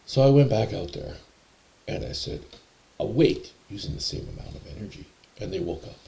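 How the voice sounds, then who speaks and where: Man, low gravelly voice, mellow tone, rambling personal storytelling, hesitant. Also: lively intonation, fairly quick.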